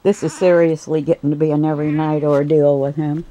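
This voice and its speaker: A woman's voice: low-pitched, level tone, brisk, warm tone, rough recording. A woman at home at night, filming with a handheld camera as she coos at and scolds her pets in a sing-song voice, then talks to the viewers. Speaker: pet keeper vlogger. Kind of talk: casual talk to her pets while filming.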